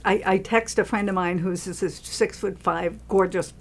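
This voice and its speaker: A woman's voice: mid-range voice, moderate pace. A woman from New York, a film producer, telling stories in casual chat and acting out what people said. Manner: animated storyteller, acts out quotes.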